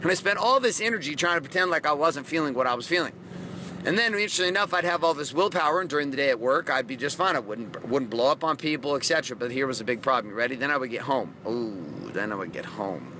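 Middle-aged male podcast host, profane and animated, bright voice, recorded in a car with faint traffic noise. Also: a little high, quick pace. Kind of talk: motivational monologue.

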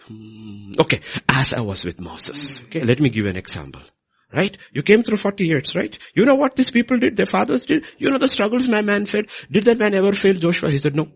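Animated male preacher, husky. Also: sits high, a little fast. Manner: animated, swings between loud emphasis and quiet asides. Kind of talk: sermon.

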